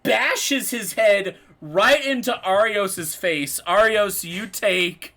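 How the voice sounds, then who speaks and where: A man's voice: sits high, a little hiss or hum. A man narrating a tabletop role-playing game as game master, describing scenes to his players. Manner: slow, lively storytelling narration.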